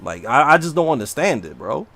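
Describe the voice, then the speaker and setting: A man with a medium-pitched voice, speaking a little fast, keeps up casual gaming stream talk. As a livestreamer playing on stream, he comes across brash, slangy, and animated.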